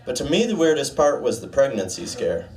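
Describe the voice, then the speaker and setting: Young man, stand-up comic, deadpan, dark humor, set a bit back from the mic. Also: brisk, recorded from a distance, a crowd in the background. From United States. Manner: deadpan, dark jokes, puts on a gruff low voice for the doctor. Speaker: stand-up comedian. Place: small bar stage.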